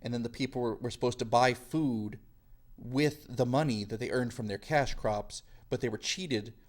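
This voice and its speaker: Casual, lively male history teacher. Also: mid-range voice. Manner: casual, lively, acts out quick silly voices. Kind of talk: classroom lecture.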